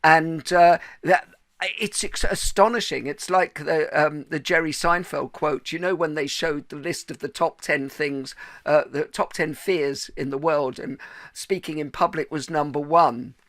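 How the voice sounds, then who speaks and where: A man's voice: fairly high pitch, fairly even intonation, measured pace, fairly bright tone, dry recording. A man hosting an interview podcast, asking questions and adding enthusiastic quips. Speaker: podcast host.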